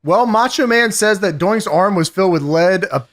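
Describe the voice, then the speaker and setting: A man co-hosting a podcast, recapping with animated, profane, laughing energy. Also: high voice, moderate pace, dry recording, clean studio sound. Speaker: podcast co-host. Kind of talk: casual retro review chat. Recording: noisy podcast mic.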